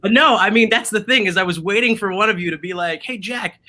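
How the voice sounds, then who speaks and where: A man's voice: high voice, fast, bright, forceful tone. A man hosting a casual online drinking show over a video call, upbeat and chatty with lots of fillers. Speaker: show host.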